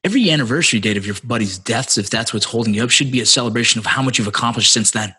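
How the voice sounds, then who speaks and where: A man's voice: medium pitch, rapid-fire, pushed and bright, slight background noise. A man in his thirties, a podcast guest, talking heatedly with heavy swearing. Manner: heated, profane, fired up. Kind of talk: casual chat.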